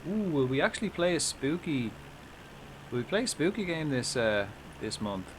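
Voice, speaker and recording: A man's voice: a little high, big pitch swings, moderate pace, a little hiss or hum. Chatty man on a live stream. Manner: chatty, swearing, jokey asides. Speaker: livestreamer. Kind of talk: casual live-stream commentary.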